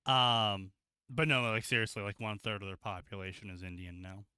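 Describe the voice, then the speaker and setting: Male streamer, bright and smooth-toned, animated and sarcastic, crude asides, dry close mic. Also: on the low side, normal speed, dry recording. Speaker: co-host reading fanfiction aloud. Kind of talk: casual livestream commentary.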